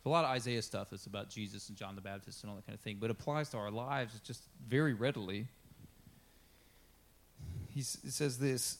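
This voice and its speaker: A man's voice: mid-range voice, moderate pace. A man preaching a sermon in a conversational way, with many fillers, who reads scripture aloud in a raised, emphatic voice. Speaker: pastor.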